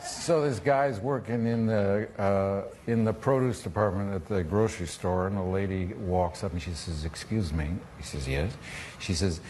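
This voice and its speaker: A man's voice: deep voice, normal speed, a little mellow, slight background noise. An older man on a talk show telling a joke, acting out the voices of the people in it.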